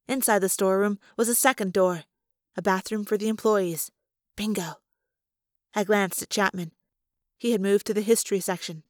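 A woman reading a first-person novel aloud with steady, expressive storytelling. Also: mid-range voice, no echo, studio quality. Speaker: audiobook reader.

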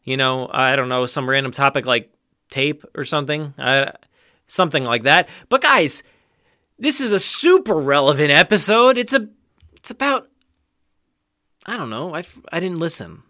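A man's voice: fairly high pitch, expressive, moderate pace, long pauses, sharp tone, dry recording, studio quality. A man co-hosting a podcast in casual chat, rambling and joking with plenty of fillers. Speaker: podcast co-host.

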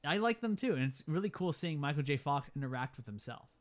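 A man's voice: on the high side, lively intonation, quick pace. A man casually recapping a film on a podcast, emphatic and rambling, often restarting his sentences. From California. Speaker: podcast co-host. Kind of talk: casual movie recap chat.

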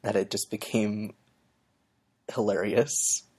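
A man co-hosting a podcast in casual chat, speaking haltingly with many fillers. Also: on the low side, flat delivery, darkish tone, slightly rough. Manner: halting, full of "like" and "um". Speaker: podcast co-host and editor.

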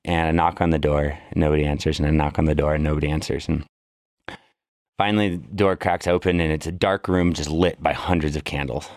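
Deep-voiced man telling a story. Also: fairly quick, dry recording, clean studio sound. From worked in San Francisco. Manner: animated storyteller, jumps high when quoting people. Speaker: podcast guest. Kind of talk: casual storytelling.

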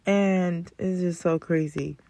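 A woman's voice: fairly low pitch, fairly even intonation, slow pace, warm tone. Blunt, profane young woman ranting. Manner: blunt, exasperated, profane, mocking imitations. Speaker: podcast host. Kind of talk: casual storytelling rant.

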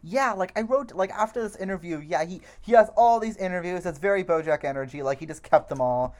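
A podcast co-host with a middle-pitched voice analyzes a movie in relaxed chat. The talk is halting and thoughtful, padded with fillers while ideas form. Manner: thoughtful, hedging with many fillers. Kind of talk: casual film discussion.

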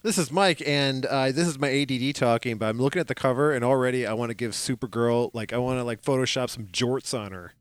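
A man's voice: medium pitch, quick pace, hardly any pauses, smooth, no room sound. A young adult man co-hosting a casual podcast, riffing with goofy jokes and lots of fillers. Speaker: podcast co-host. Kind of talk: casual chat.

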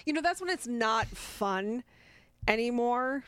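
A woman co-hosting a casual sports podcast, talking in a measured, hesitant way with many fillers. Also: fairly high pitch, lively intonation, fairly bright tone, clear, resonant tone, dry recording. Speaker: podcast co-host.

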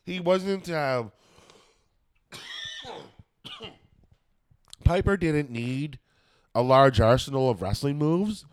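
Speaking very slowly and pausing often, this podcast host, a stand-up comedian, rambles through a casual chat full of swearing and fillers. His voice is on the high side and animated, and he has a cold and a smoker's cough.

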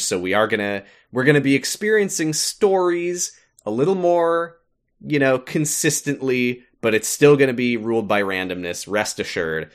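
A man co-hosting a casual podcast, reading out the support tiers with wry, offhand swearing. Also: mid-range voice. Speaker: podcast co-host. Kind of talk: casual podcast chat, reading sponsor thanks.

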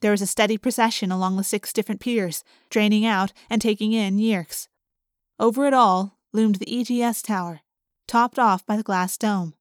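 A woman narrating a first-person novel in a clear, measured storytelling manner. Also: mid-range voice, steady tone, no room sound, clean studio sound. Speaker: audiobook narrator.

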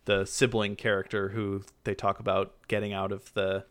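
A man co-hosting a film podcast, relaxed and rambling, often laughing and restarting his sentences. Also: lowish voice, moderate pace. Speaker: podcast co-host. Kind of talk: casual film podcast chat.

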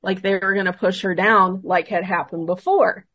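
Woman telling an animated ghost story. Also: mid-range voice, moderate pace, dry recording. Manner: animated retelling, acting out quoted dialogue. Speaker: paranormal investigator guest. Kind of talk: casual storytelling interview.

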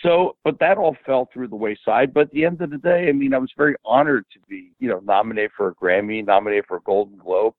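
A man in his seventies, an interview guest, telling animated anecdotes and acting out the dialogue. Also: medium pitch, fast talker, hardly any pauses, no echo. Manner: animated anecdote teller who acts out quoted dialogue. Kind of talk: casual storytelling interview. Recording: tinny phone-like dry audio.

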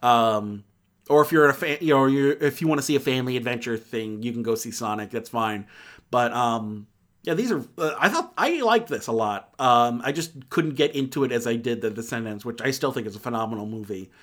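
A man's voice: mid-range voice, brisk, a bit bright. A man hosting a casual movie review chat, rambling and cutting himself off mid-sentence. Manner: rambling, self-interrupting, laughs easily.

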